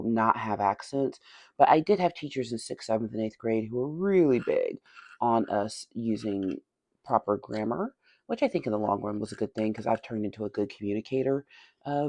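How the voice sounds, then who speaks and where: In a casual hobby vlog, a chatty Tennessee woman with a Southern accent talks through painting a miniature, laughing often and muttering and whispering to herself. Her voice is extremely low and mellow, recorded without echo.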